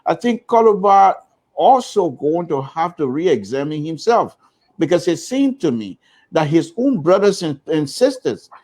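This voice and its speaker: A man speaking on a radio panel, measured and hesitant with frequent fillers. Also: fairly high pitch, very animated, darkish tone.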